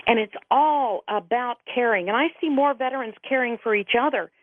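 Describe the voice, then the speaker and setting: Over a tinny, dry phone line, a middle-aged woman who advocates for veterans speaks as a guest on a radio interview. Her fairly high voice moves fairly quickly as she tells heartfelt stories and repeats others' words at length.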